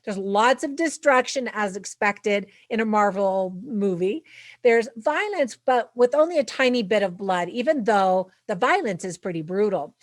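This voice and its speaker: A woman hosting her own channel gives a chatty, upbeat movie review to camera, with tips for parents. Her mid-range voice is animated at a normal speed, and the recording is dry.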